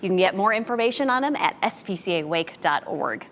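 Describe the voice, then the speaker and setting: A woman anchoring a local midday newscast, reading stories in a crisp, even delivery. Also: mid-range voice, brisk, big-room sound, slight background noise. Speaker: news anchor.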